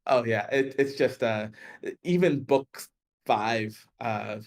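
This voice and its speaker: A man with a gravelly voice at a middle pitch, speaking as a guest on a book club livestream. He talks in a halting, hesitant way, pausing on fillers. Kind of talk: casual chat.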